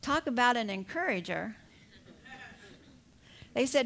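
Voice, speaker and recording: An older woman delivers a sermon in a high, light voice. She tells the story in a lively, animated way and laughs now and then. She presses each point home with emphatic appeals to her listeners. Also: slow pace, pauses often. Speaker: preacher.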